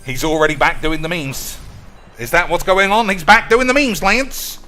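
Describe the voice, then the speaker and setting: A man's voice: on the high side, normal speed, bright, forceful tone, faint music behind. A man streaming a card game, ranting with sarcastic, profane commentary. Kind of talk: gameplay commentary.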